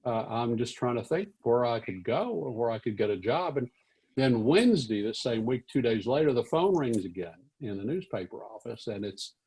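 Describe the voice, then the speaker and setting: An older man from Texas in his sixties spins a lively anecdote for an audience. He talks at an average pitch and jumps into different voices for the people he quotes. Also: moderate pace, slightly rough, poor audio. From Fort Worth, Texas. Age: 60s. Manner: animated, acts out quoted voices. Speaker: veteran newspaper columnist. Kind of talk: storytelling talk to an audience.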